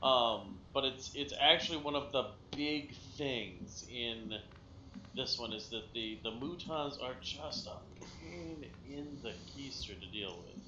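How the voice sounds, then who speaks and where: A man's voice: medium pitch, a little slow, muffled recording, noisy background. A man casually commentating a strategy game with a friend, explaining its mechanics as he plays. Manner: chatty, explains game mechanics, laughs easily. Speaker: let's play co-host. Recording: roomy sound with game music.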